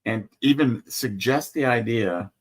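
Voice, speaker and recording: Man with a mid-pitched voice, dryly teasing. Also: measured pace. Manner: dry, teasing banter. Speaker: livestream co-host. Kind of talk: casual chat.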